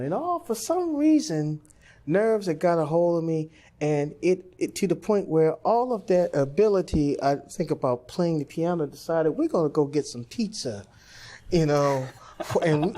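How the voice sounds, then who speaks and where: A man, a jazz pianist, telling a story in an interview and acting out the voices of the people in it. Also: on the high side. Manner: animated storyteller, acts out quoted voices.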